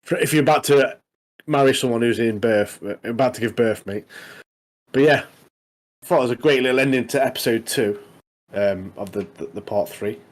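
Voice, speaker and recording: A man's voice: medium pitch, brisk, low-quality recording. Guy recapping an episode on a podcast, rambly, keeps asking doesn't he, mate. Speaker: podcast co-host. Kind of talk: casual chat recapping a TV episode.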